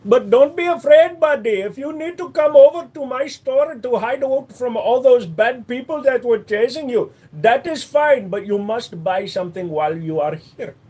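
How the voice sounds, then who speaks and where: A man's voice: expressive, normal speed, hardly any pauses, breathy edge, heavily acted. A man voicing a cheerful male store owner with a put-on Pakistani accent, pushing customers to buy. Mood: salesy. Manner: loud, high, salesy and friendly.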